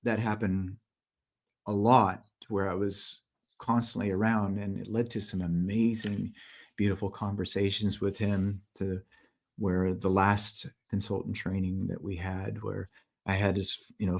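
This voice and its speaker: A man's voice: sits low, level tone, moderate pace, vocal fry. A man, the guest of an interview, telling stories in an earnest way, often repeating words and acting out what others said. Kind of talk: conversational storytelling interview.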